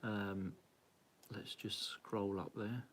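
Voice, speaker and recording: A man's voice: lowish voice, fairly even intonation, drawn-out words. A man hosting a casual live-stream rundown of a cycling club's leaderboard, cheery and chatty, greeting viewers by name and laughing at his own slips. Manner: flustered, self-mocking. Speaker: cycling club host.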